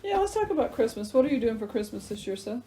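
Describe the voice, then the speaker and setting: A woman's voice: on the high side, very animated, quick pace, mellow, a little hiss or hum. A woman co-hosting a podcast, chatting in a teasing, cheerful way and laughing often. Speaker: podcast host. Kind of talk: casual chat.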